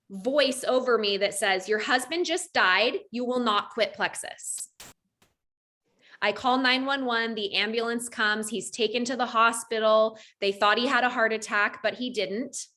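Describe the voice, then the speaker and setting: A woman's voice: on the high side, sharp tone. A woman coach telling a personal story to a group over a video call, acting out quoted lines with lots of animation. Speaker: network marketing coach.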